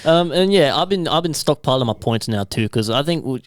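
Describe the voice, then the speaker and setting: A man's voice: on the high side, animated, a little fast, no room sound, clean studio sound. A man co-hosting a podcast in casual chat, easygoing and chiming in with short remarks. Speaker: podcast co-host.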